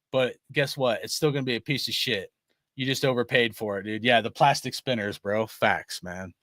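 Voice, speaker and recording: A man's voice: mid-range voice, moderate pace, pushed and bright, no echo, studio quality. A young man hosting a fan show, rambling casually with lots of swearing, laughter and "bro" and "dude". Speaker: sports fan show host. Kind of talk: casual rant to viewers.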